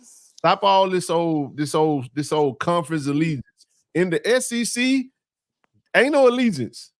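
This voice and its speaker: A man with a high, bright speaking voice hosts a casual sports talk show. He piles on repetitions and playful trash talk in a dry, close recording. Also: animated, unhurried, no echo.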